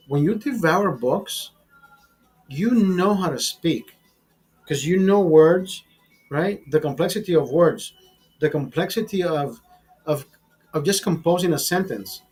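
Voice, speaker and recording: A man hosting a live stream, ranting in a casual, profane and animated way. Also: fairly high pitch, measured pace, slightly rough. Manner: profane, animated, laughs at his own bits. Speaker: show host.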